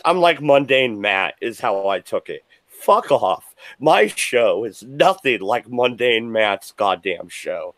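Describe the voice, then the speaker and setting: A buzzed man hosting a live stream from his desk at home, ranting angrily with lots of swearing, swinging between shouts and mutters. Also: mid-range voice, sing-song, takes it slowly, no echo. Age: adult with children. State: a little buzzed. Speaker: livestream host. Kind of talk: profane live-stream rant.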